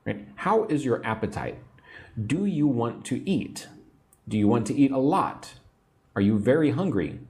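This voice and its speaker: Slow-speaking man teaching English. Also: medium pitch, darkish tone. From United States. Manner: slow, patient, repeats phrases for learners. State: sleepy, yawning. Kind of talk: livestream English lesson.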